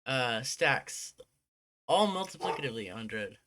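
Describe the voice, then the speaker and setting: Bright-voiced streamer, put-on American accent. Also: male voice, mid-range voice, sing-song, measured pace. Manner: talks quietly, rambling and joking. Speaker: game streamer. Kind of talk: casual live-stream chat.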